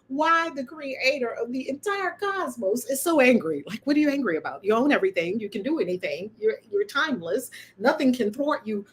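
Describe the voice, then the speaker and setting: A woman hosting her own channel, giving a casual spiritual monologue in an animated, emphatic and preachy way, often breaking into laughter. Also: high voice, fairly quick, few pauses. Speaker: channel host and spiritual speaker.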